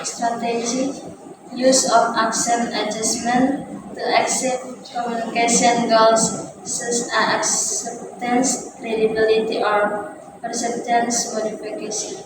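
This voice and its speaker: A young woman reads her presentation points slowly, with a flat, even delivery. She sounds far from the mic in a reverberant room, under loud background noise. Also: a little high. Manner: slow, deliberate reading of slide points. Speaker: student presenter. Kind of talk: class presentation.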